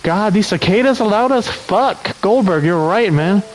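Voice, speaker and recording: A man's voice: high voice, lively intonation, a little slow, a little hiss or hum, low-quality recording. A man streaming a game, casually joking, swearing, and laughing often while reading game text aloud. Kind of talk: casual livestream gaming chat.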